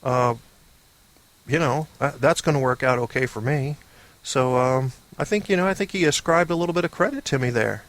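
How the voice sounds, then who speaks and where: A male podcast host who is under the weather, delivering a loose comedy monologue. He rambles and jokes at his own expense in a boisterous tone, with a voice of ordinary middle pitch. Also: normal speed, fairly bright tone. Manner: rambling, boisterous, self-mocking. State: sick.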